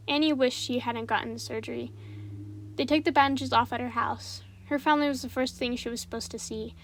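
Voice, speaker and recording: A woman giving a calm, measured scripted narration of a spooky story. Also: high-pitched.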